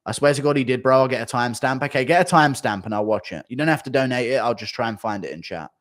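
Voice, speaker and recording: A man's voice: mid-range voice, fast, a bit bright. Male streamer, casual and crude, swears a lot, laughs often. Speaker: streamer reading donations. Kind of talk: casual livestream chat.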